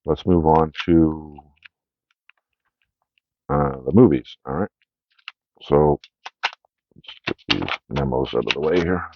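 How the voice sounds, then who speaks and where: A man's voice: very deep voice, slow pace, long pauses, slight background noise. A man hosting a casual media haul video, rambling through his picks with lots of fillers and "right?" check-ins. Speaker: media collection haul host. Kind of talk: casual unscripted video review. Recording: dry, dull lo-fi sound.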